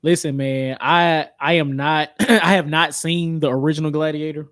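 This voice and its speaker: A man's voice: a little high, level tone, normal speed, a bit bright, dry recording. A man co-hosting a podcast, chatting about movies in an easygoing way with plenty of slang. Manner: easygoing, laid-back slang talk. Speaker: podcast co-host. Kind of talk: casual pop-culture chat.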